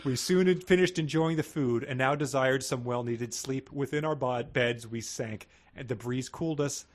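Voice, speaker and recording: A man's voice: mid-range voice, normal speed. A man in his thirties co-hosting a book podcast, joking and reading passages aloud with mock drama. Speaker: podcast co-host.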